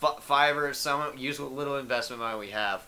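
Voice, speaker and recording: Bright-voiced young man, crude and joking. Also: mid-range voice, fairly quick. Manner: crude, joking, laughs often. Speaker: podcast co-host. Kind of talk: casual chat.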